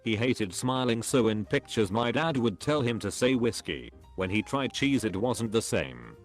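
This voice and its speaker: A man's voice: lowish voice, lively intonation, normal speed, soft background music. A man reading stories aloud as a narrator, in a scripted storytelling style.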